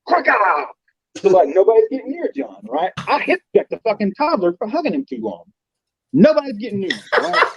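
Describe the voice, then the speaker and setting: A man's voice: sits high, very animated, moderate pace, husky, no room sound. A man telling a comic story as a guest, swearing freely and playful. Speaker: guest knight. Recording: dull lo-fi dry sound.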